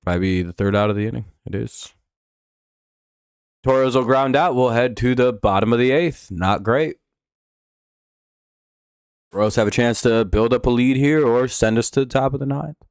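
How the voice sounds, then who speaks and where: A man's voice: medium pitch, moderate pace, long pauses, clear, resonant tone, dry recording, clean studio sound. A man hosting a casual live stream, talking in a rambling, profane way with lots of fillers and restarts.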